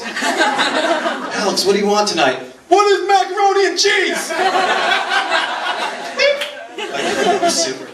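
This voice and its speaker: A man doing a stand-up routine with a deadpan delivery and sudden pitch jumps on punchlines. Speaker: stand-up comedian. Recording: echoey club room, mic heard from a distance. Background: audience laughing.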